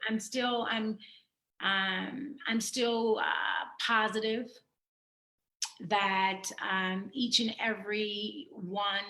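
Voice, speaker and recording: A woman speaks slowly and thoughtfully, reading her poetry and then talking candidly in halting, filler-laced sentences. Her voice sits in a noticeably roomy, echoing space. She is a writer and guest on a video call. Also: mid-range voice, sharp tone. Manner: slow, reflective, halting with fillers. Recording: roomy echo.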